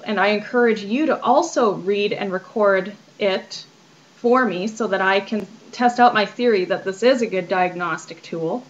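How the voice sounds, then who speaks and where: A woman's voice: mid-range voice, a bit bright. Earnest Western Canadian woman, lo-fi sound. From Canada (British Columbia). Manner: earnest, friendly, with mild restarts. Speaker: vlogger. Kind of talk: casual explanatory monologue and paragraph reading. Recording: slightly dull lo-fi recording.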